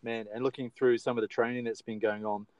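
A man's voice: medium pitch, level tone, a little fast, darkish tone, no room sound, dull audio. A man with an Australian accent hosting a casual podcast chat, easygoing and bantering with his co-host.

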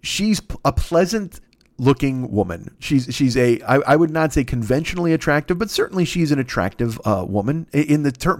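A man's voice: fairly high pitch, no room sound, clean studio sound. A man hosting his own podcast alone, ranting profanely and rambling, often laughing at his own jokes. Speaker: podcast host. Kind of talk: solo comedic rant.

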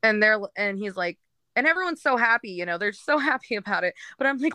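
A woman's voice: medium pitch, animated, fast talker, sharp tone, no room sound. A woman candidly telling her personal story as a guest, in a frank, rambling way with frequent fillers.

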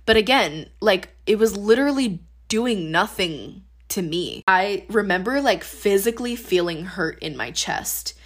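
A woman's voice: mid-range voice, expressive, measured pace, few pauses. A woman in her twenties, a podcast host, sharing her faith testimony in a casual, earnest way full of "like". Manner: casual, earnest, heavy use of "like".

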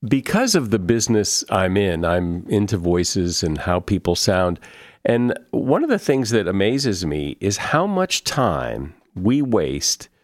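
Brief: measured male host, lowish voice, dry close sound. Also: very animated, no room sound. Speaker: podcast host. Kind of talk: interview conversation.

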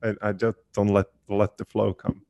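Low gravelly man, halting casual talk. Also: little pitch movement, warm tone, no room sound. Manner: hesitant, repeats words when starting. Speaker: podcast co-host. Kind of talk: casual chat.

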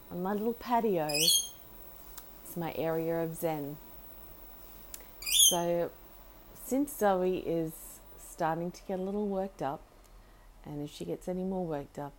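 A woman hosts a casual solo podcast from home over background noise. She talks in a halting, rambling way with restarts, and coos to her pet bird in a sweet, high voice.

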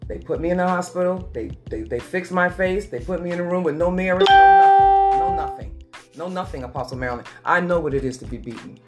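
A woman telling a personal story as a guest in an earnest, repetitive way, slowing down for emphasis. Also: lowish voice, loud music behind the voice. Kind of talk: emotional personal testimony.

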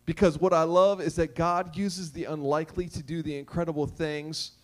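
A high-pitched man preaching a sermon. He is emphatic and repetitive. He jokes and keeps asking the crowd questions. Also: little pitch movement, moderate pace, hardly any pauses. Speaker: pastor.

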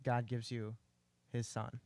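A man's voice: medium pitch, completely flat delivery, slow, creaky, a little mellow, no room sound. A man in a casual faith discussion, earnest and building up his points with emphasis.

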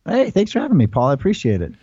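An American man in his forties, rambling through his answers with restarts and fillers. His voice is dark and mellow. The sound is dry and slightly dull, as if over a remote call. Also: high-pitched, huge pitch swings, racing, husky, no room sound. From United States. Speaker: guest. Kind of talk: casual interview talk.

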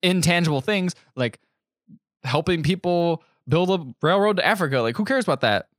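A man co-hosting a casual podcast, retelling a movie plot with profanity and quick impressions. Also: sits high, animated, a bit bright, no room sound, clean studio sound. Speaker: podcast co-host. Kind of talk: casual movie recap chat.

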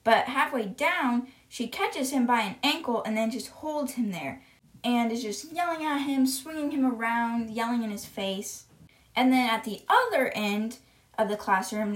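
A woman retelling a children's book in a casual, chatty way, often saying "like". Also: on the high side. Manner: chatty, uses "like" a lot. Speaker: podcast storyteller.

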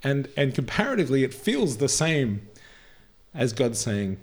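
A man with a mid-range voice talks casually about faith. He laughs often and speaks with expressive energy. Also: medium pitch, a little slow.

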